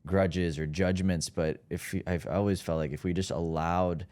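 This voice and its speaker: A male podcast host responds to his guest in a calm, measured and affirming way. His voice sits very low and sounds smooth and resonant. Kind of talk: reflective interview talk.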